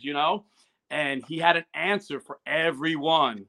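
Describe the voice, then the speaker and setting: A man's voice: on the high side, moderate pace, creaky, bright, forceful tone. A man tells stories in a casual interview and acts out the quoted dialogue. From New Jersey. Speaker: guest, YouTuber. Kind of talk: casual storytelling.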